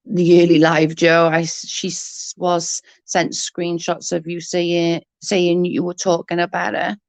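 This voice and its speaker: A woman's voice: fairly low pitch, completely flat delivery, a little slow, no echo. A young adult woman ranting heatedly in casual chat, swearing often and restarting her sentences. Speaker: livestream guest.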